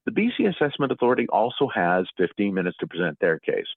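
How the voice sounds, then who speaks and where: A middle-aged man, a guest author, explaining property appeals in a measured way with frequent fillers, calling in to a talk show. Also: lowish voice, big pitch swings, dry recording. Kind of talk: radio talk show interview. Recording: tinny phone line.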